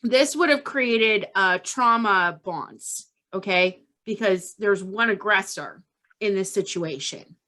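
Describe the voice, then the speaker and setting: A woman's voice: medium pitch, takes it slowly, bright, forceful tone. A woman hosting a podcast, telling a true-crime story casually and tagging her lines with "okay?". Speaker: podcast host.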